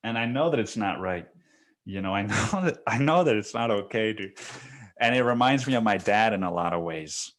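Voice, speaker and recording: A man's voice: fairly low pitch, expressive, normal speed, fairly bright tone. A man hosting a podcast, telling stories in a casual monologue, swearing often and laughing between lines. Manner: profane, laughing storyteller. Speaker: podcast host.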